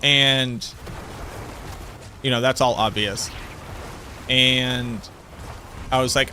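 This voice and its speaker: A man's voice: mid-range voice, fairly even intonation, very slow, pauses often, noisy background. A man streaming a game, chatting casually in a rambling, talkative way and correcting himself mid-sentence. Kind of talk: casual chat while gaming.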